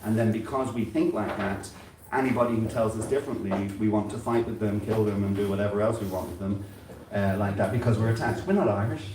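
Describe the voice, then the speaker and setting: An older man from England giving an informal sermon at a temple, talking conversationally and halting often, repeating words and using fillers. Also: lowish voice, darkish tone, slight background noise. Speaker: spiritual speaker at a temple gathering. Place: temple hall. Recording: very echoey hall, heard from a distance.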